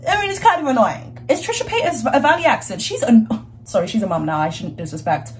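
A woman's voice: a little high, very animated, fast talker, a little hiss or hum. A young woman vlogging in a chatty, slangy, frank way. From United Kingdom. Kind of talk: casual chat.

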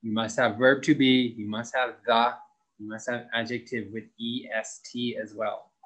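A young adult man teaching an English grammar lesson, slowly stretching out key words as he models them for students. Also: medium pitch, little pitch movement, a bit bright, rough recording.

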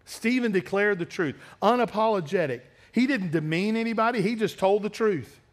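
Man, pastor, sermon, high voice, blunt, confrontational. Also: lively intonation, normal speed. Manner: blunt, confrontational preaching that drops to quiet asides. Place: church sanctuary.

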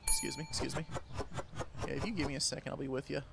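A young man giving casual, sarcastic gameplay commentary, swearing a lot and yelling at the customers in the game. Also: mid-range voice, little pitch movement, fast talker, vocal fry, heavy background noise. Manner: jumps between mutters and loud outbursts. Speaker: gaming video creator.

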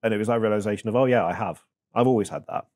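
A man in his thirties, a podcast guest talking in a reflective, halting way with many fillers. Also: lowish voice, a little mellow. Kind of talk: casual chat.

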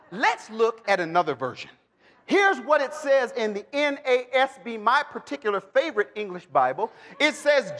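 A man teaching the Bible to a live audience, animated and joking, calling for responses and bursting into shouts. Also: very high voice, moderate pace. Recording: long hall reverb.

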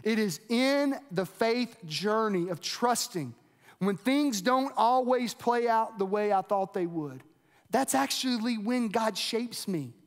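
A male pastor preaching in an earnest, conversational way, stumbling and repeating words as he goes. His voice sits very high for a man. The sound rings with a long reverb, as in a large hall. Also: expressive, slow. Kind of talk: sermon.

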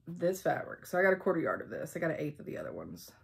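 A woman's voice: sits low, sing-song, fast, creaky, husky. A woman chatting casually at home, bubbly and full of ums as she shows off craft supplies. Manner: chatty, bubbly, says um a lot. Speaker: flosstube vlogger.

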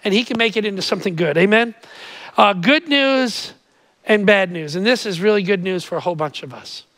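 High-pitched male preacher, dry close mic, energetic sermon delivery with many restarts. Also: brisk, dry recording, poor audio. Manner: energetic, stammering restarts, calls out to crowd; quiet and earnest in prayer. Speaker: pastor. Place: church auditorium with live audience.

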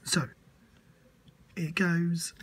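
A woman giving a casual, halting introduction to a story, stumbling over her words. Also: on the low side, level tone, background noise.

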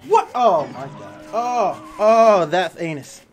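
A man narrates his own let's play, yelping, cursing and laughing through each fight. His pitch swings widely, yet his pace stays unhurried between outbursts. Faint game music sits behind him. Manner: excitable, swearing, laughing at his own fails. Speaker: gaming YouTuber.

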